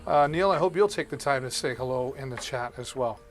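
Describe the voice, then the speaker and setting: A man's voice: mid-range voice, a little fast. A man hosting a live shopping stream, chatting casually and greeting viewers by name as he demos products. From Canada.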